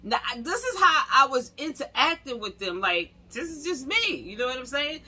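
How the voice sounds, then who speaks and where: A woman, telling stories to camera in a slangy, animated way and acting out what people said. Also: high voice, normal speed. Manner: animated, slangy, laughs and acts out quotes. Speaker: vlogger. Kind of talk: casual storytelling to camera.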